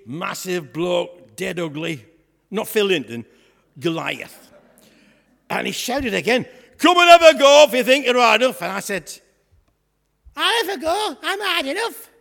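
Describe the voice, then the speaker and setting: A man's voice: high-pitched, creaky, sharp tone, breathy edge, exaggerated voice. Man playing a cheeky shepherd lad. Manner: chatty, jokey, asides to the congregation. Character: cheeky young shepherd lad, boastful and comic. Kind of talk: comic storytelling sketch in church. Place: church hall. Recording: echoey church hall.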